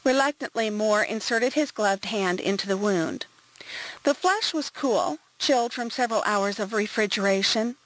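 A woman narrating an audiobook in an even, composed reading voice. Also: medium pitch, normal speed, poor audio. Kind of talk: scripted narration.

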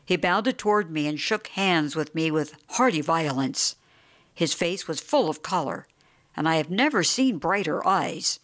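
Steady female audiobook narrator. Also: low-pitched, unhurried. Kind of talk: audiobook narration of a short story.

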